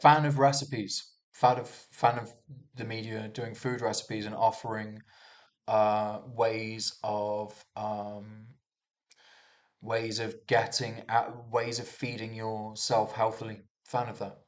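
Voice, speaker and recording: Young guy, lowish voice, meandering swear-heavy news commentary, frequent restarts. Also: flat delivery, slow pace. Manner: restarts a lot, swears, muses aloud. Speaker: vlogger reviewing news. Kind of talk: casual rambling commentary.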